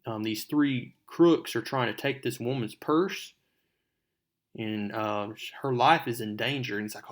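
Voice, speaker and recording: A man's voice: medium pitch, unhurried. A man hosting a comic book recap, retelling the story loosely in conversation and talking straight to viewers. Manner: loose retelling, slipping into characters' lines; conversational, addresses viewers directly. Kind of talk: casual comic recap narration.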